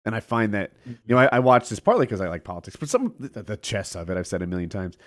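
A man chatting casually about politics on a podcast, animated and laughing easily. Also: on the low side, fast talker. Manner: animated, laughs often, trails off.

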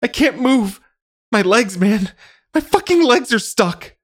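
A man's voice: low-pitched, normal speed, a little mellow, dry recording, clean studio sound. A man voicing a young male tunnel worker who sounds bitter and desperate, read as an audiobook character. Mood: panicked screaming. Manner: bitter, then screaming in panic.

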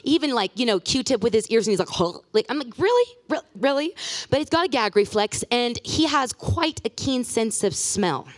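A woman in her thirties gives a guest sermon in a church. She talks in a chatty, animated way, telling funny personal stories. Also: medium pitch. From Pacific Northwest of the US. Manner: chatty, animated storyteller with self-deprecating humor. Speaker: guest speaker. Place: church sanctuary.

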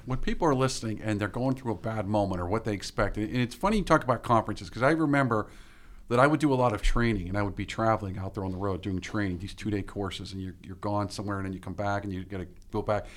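A man's voice: on the low side, fairly even intonation, fast talker. A man co-hosting a casual podcast chat, telling a light, jokey story about his work. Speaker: podcast co-host.

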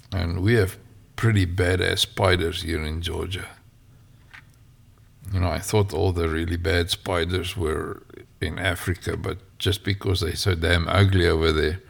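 A man narrating a story in an unhurried way, with fillers and spoken asides. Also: low voice, creaky. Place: home, near a mic.

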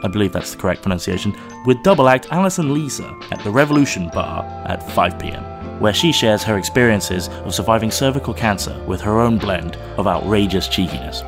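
A man's voice: on the low side, expressive, over music. A man from Oxford who hosts a podcast, speaking English with a slight American twang in a playful, cheeky, easily amused way. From England. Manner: playful, cheeky, quick to laugh. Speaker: podcast host. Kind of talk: casual podcast chat.

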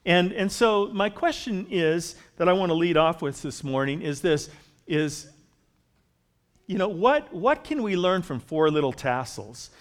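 A man's voice: high-pitched, very animated, a little slow. A man preaching a sermon in a conversational way, growing emphatic as he reads and explains scripture. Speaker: pastor.

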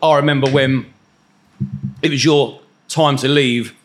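A man hosting a casual podcast interview, chatty and quick with jokes and short replies. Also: medium pitch, fairly even intonation. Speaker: podcast host.

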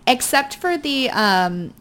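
A woman's voice: a little high, big pitch swings, takes it slowly, a bit bright, smooth. A woman co-hosting a casual movie podcast, emphatic and laughing often. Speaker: podcast co-host.

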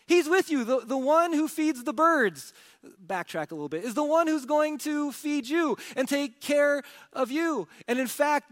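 A man preaching a sermon as a pastor, emphatic and full of rhetorical questions, swinging between loud and soft. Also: high-pitched. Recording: long reverb of a large hall.

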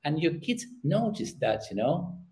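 A middle-aged man with a Spanish accent, a youth sports parenting coach who repeats words as he searches for his phrasing and grows animated when telling stories. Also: a little high, a little slow, poor audio. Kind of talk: conversational interview.

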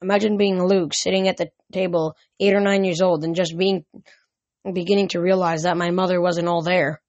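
A woman's voice: fairly low pitch, flat delivery, moderate pace, a little mellow, dry recording, lo-fi sound. Tired woman reading a novel aloud. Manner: casual, with slips and restarts. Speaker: reader.

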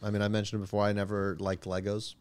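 A man's voice: fairly low pitch, completely flat delivery, racing, smooth. A young man co-hosting a podcast, laid-back and crude in casual banter, laughing a lot. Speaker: podcast co-host.

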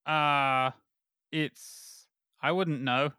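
A man in a tabletop game plays his character awkward, halting and rambling. His voice is bright and forward at a middle pitch. It is recorded close and dry. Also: fairly even intonation, clean tone, dry recording. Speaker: player. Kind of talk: casual role-play banter.

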